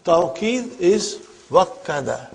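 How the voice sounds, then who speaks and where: A man's voice: high voice, sing-song, slow, gravelly. A man teaching an Arabic grammar lesson. He explains step by step, repeats his questions and often checks "are you with me?".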